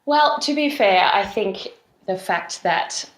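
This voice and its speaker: Guest, female, soft Australian accent, fluent trainer-actor, roomy audio. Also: mid-range voice, takes it slowly. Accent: softened Australian. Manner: articulate, expressive, fluent explainer. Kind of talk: conversational podcast interview. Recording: roomy echo.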